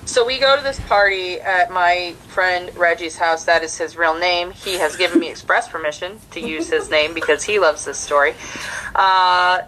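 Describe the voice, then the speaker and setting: A woman's voice: lowish voice, normal speed, low-quality recording. A young woman from the United States, a comedian, telling a story in casual podcast chat and acting out the people in it. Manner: animated, acts out the people in her story. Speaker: comedian guest.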